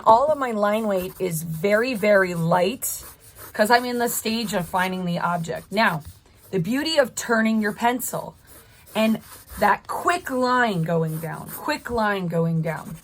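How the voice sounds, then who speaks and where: A woman's voice: mid-range voice, a bit bright. A woman art teacher narrating a drawing tutorial, chatty and encouraging, thinking aloud as she draws at her desk.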